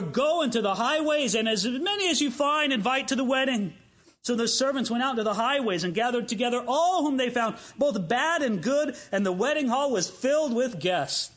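Animated high-pitched male preacher. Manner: animated, acts out voices of listeners and the king. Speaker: pastor. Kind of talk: sermon.

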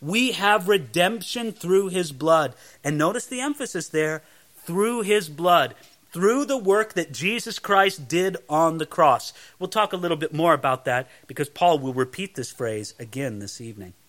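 A man's voice: fairly high pitch, lively intonation, normal speed, few pauses, fairly bright tone. A man preaching a verse-by-verse Bible sermon, emphatic, repeating phrases and asking the listeners questions.

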